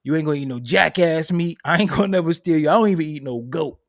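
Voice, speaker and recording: A man hosting a casual live stream, answering chat in a loud, laughing, profane way that swings from mumbling to shouting. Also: fairly high pitch, fast, no room sound, studio quality. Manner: reads and answers viewer chat. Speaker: host.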